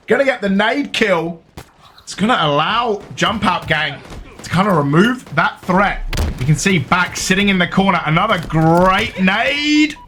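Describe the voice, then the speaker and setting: Southern English male caster, excitable play-by-play, slightly high pitch, bright tone. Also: a little hiss or hum. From southern England. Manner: rapid excitable play-by-play, jokey. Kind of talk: live esports commentary.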